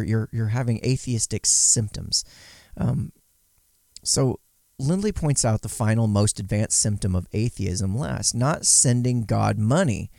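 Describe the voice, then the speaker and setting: A man's voice: fairly low pitch, creaky, darkish tone, dry recording, clean studio sound. A man giving casual commentary, sarcastic and mocking, sometimes voicing quotes in exaggerated tones. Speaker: podcast commentator.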